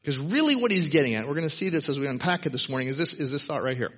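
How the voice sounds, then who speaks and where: Talking very fast and animatedly, a man with a slightly high, pushed, bright and slightly rough voice preaches at a church service. He's a pastor giving his congregation a conversational, casual, emphatic sermon, tossing in "right?"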